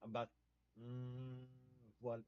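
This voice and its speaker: A man's voice: mid-range voice, monotone, extremely slow, clean tone. A man from the American South who hosts a casual livestream, joking, trading puns and greeting viewers by name. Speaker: livestream host. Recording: slightly muffled dry mic.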